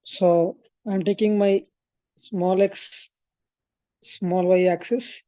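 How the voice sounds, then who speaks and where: Woman, maths tutor, mellow voice, dry close sound, talks through steps with fillers. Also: mid-range voice, little pitch movement, extremely slow, dry recording. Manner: explains step by step, thinks aloud with fillers and self-corrections. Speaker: maths coaching teacher. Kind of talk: classroom lecture at a board.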